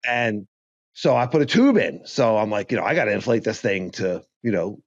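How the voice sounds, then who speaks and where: A man's voice: on the low side, expressive, moderate pace, lo-fi sound. A man co-hosting a podcast in casual chat, joking and rambling with restarts. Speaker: podcast co-host.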